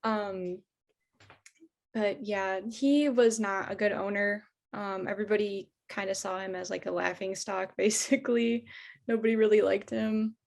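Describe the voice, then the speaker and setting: A young woman with a Michigan accent, talking casually in an interview. She fills her speech with "like" and "um" and keeps a middle pitch throughout. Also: steady tone, a little slow, gravelly, a little mellow. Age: young adult. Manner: chatty, heavy use of "like" and "um". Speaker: interviewee, former door-to-door sales trainer.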